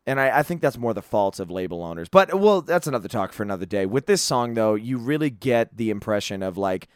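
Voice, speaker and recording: A man's voice: on the low side, big pitch swings, fairly quick, clear, resonant tone, dry recording, clean studio sound. A man hosting a solo podcast, reviewing an album in a rambling, casual way with lots of fillers and free swearing. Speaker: podcast host.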